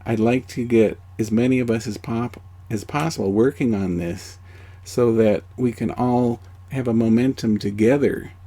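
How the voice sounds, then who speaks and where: A man teaching a spiritual course outdoors in a gentle, conversational way. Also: mid-range voice, moderate pace. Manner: gentle, conversational, many "you know"s.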